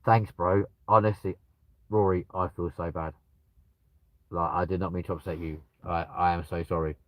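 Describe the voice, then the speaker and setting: Crude joking man, lowish voice. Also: flat delivery, normal speed, no room sound. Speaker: livestreamer reading out chat. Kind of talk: casual chat. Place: at home with dogs nearby.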